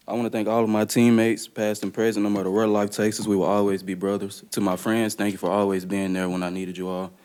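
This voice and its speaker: A young man from the Dallas area reads a prepared statement at a press conference. His voice is deep, smooth and clean, and he delivers it in an even, level tone. He speaks earnestly and fills pauses with uhs and ums. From Dallas area, Texas. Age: young adult. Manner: plain, earnest delivery with frequent "uh" and "um". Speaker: college basketball player.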